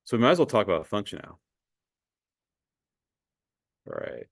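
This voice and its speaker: A man's voice: lowish voice, huge pitch swings, very fast, gravelly, no room sound, clean studio sound. A man teaching a math class in a conversational way, asking students questions and often repeating words. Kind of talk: classroom lecture.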